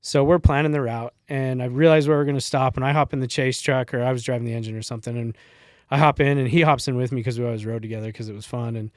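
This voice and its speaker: As a guest on a podcast, a middle-aged former wildland firefighter tells stories casually, laughing and cursing freely as he goes. He talks at a quick pace with a steady tone and medium pitch, in a dry, studio-quality recording.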